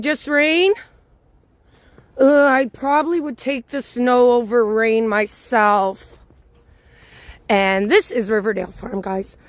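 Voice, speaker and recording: Slow-talking woman hosting a live walk. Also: fairly high pitch, no room sound. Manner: chatty, greets viewers by name. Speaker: live-stream walking tour host. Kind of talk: live-stream walking commentary. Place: outdoors on a snowy city walk. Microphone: handheld phone.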